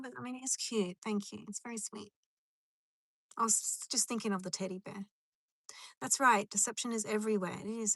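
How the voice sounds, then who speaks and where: Bright chatty woman streaming from her car. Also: mid-range voice, creaky, no room sound. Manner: rambling and chatty, answering chat comments. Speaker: live streamer. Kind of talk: casual live stream chat.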